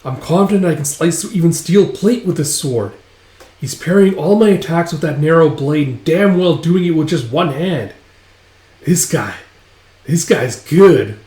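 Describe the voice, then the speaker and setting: A man voicing a furious young male mercenary swordsman who talks gruff and blunt. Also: fairly high pitch, animated, a little slow, mellow, voice pushed up. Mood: stunned. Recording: roomy echo.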